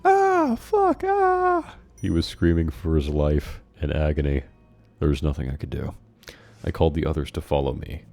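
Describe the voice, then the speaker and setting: Deep, gravelly man with sarcastic asides. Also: flat delivery, a little fast, warm tone. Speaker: channel host reading his childhood story. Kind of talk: dramatic reading with comic commentary. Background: faint background music.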